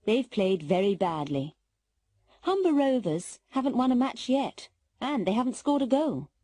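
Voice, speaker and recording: A British woman narrating a textbook story in a clear, careful reading style. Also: fairly high pitch, sing-song, a little slow, dark tone, no room sound.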